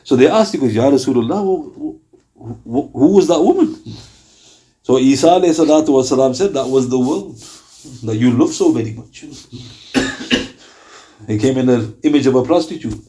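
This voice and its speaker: A man preaching to a small gathering in a mosque, telling stories in a conversational, animated way. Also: mid-range voice, moderate pace, pauses often. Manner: conversational, animated storytelling with quoted voices.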